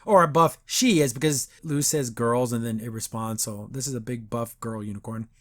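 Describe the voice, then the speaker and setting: A man's voice: mid-range voice, moderate pace, a bit bright. A man hosting a podcast, casually recapping a cartoon episode in a rambling, sarcastic way. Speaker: podcast host reviewing a cartoon.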